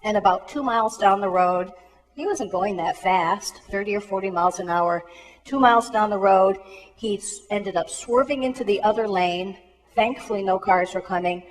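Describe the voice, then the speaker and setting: A woman's voice: medium pitch, normal speed. A woman speaks from a stage in a large school auditorium, and her voice trails off in a long hall reverb. She tells the story earnestly and slips into the voices of its people. She sounds like an emergency room worker warning students. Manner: earnest storytelling with acted-out dialogue. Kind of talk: cautionary talk to students.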